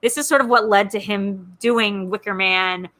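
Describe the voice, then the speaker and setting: A woman co-hosting a podcast in casual chat, talking in an animated way with lots of filler words. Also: mid-range voice, moderate pace. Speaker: podcast co-host.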